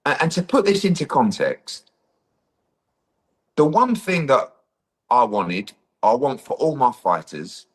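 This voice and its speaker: A man's voice: mid-range voice, slow pace, long pauses. A middle-aged man, a boxing promoter, telling a story in an interview and acting out the dialogue. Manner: animated, acts out quoted dialogue, says "blah, blah, blah".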